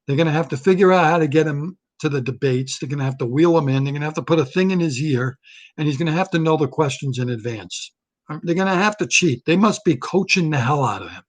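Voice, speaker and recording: A male comedian in a solo rant, blunt and riffing, often repeating himself. His voice sits a touch high for a man. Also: quick pace.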